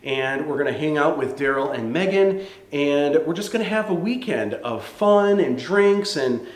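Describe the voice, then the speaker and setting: A man's voice: fairly high pitch, lively intonation, moderate pace, reverberant, close to an everyday voice. A man playing a flustered young boyfriend. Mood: cheerful. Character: nervous young man hiding a proposal.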